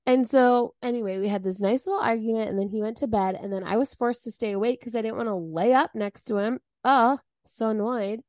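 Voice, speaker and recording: With few pauses and a fairly quick pace, a woman co-hosting a podcast tells a story casually and acts out the quotes, her highish voice swinging widely. The studio-quality recording has no echo.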